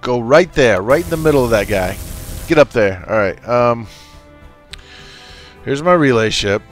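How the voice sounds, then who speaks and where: A man's voice: mid-range voice, lively intonation, measured pace. A man casually commenting on his strategy game, bossing his units around and joking with them. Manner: goofy, talks to his units. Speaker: gameplay commentator. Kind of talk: casual let's play commentary. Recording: faint game music and artillery behind.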